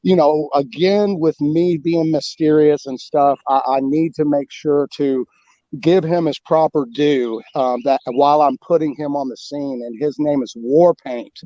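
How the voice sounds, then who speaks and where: A man talking about his book as a guest in a casual interview, rambling and animated, with many restarts and fillers. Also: on the high side, unhurried, dry recording, lo-fi sound. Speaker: guest author.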